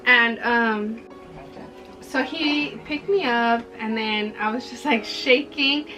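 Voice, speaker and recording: A woman's voice: fairly high pitch, slow pace. A young woman casually telling a personal story, full of "like" fillers and acted-out dialogue. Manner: chatty, many "like" fillers, reenacts dialogue. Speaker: vlogger. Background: background music.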